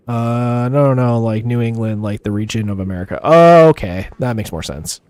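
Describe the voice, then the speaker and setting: A man streaming a game live, chatting casually with viewers and rambling with lots of fillers and quick chuckles. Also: medium pitch, a little mellow, clean tone, dry recording. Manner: chats with viewers while playing. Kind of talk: casual gameplay commentary.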